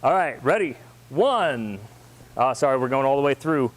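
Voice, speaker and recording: A man teaching a martial arts class, counting moves and giving brisk coaching cues. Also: medium pitch, slight background noise.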